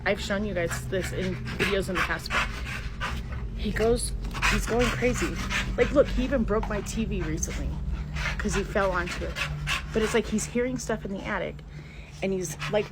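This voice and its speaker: A middle-aged woman filming inside her house on a handheld phone, talking in a frightened, breathless way that often drops to a whisper. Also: mid-range voice. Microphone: phone held while walking. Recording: phone video with clear background noise.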